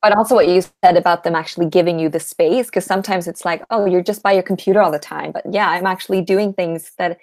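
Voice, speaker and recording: A woman writer shares her plans on a live video panel, earnest and thoughtful, pausing on "uh". Her voice sits a little low and sounds dry and close to the mic. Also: fairly even intonation, no room sound. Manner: earnest, thoughtful, with soft laughs and "uh" pauses. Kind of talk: casual live video chat.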